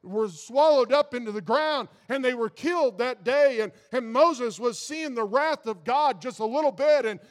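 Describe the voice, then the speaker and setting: A man's voice: very high voice, expressive, moderate pace, hardly any pauses. A man pastor giving an informal sermon, talking casually to his congregation and building to fervent intensity. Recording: long reverb of a large hall.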